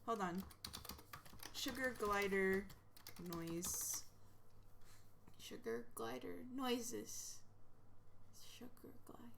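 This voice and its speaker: A woman streamer talks through a casual reaction stream in a bright, slightly high voice. She is giggly and excitable, and she rambles from one thought to the next. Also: extremely slow, creaky, long pauses, a little hiss or hum.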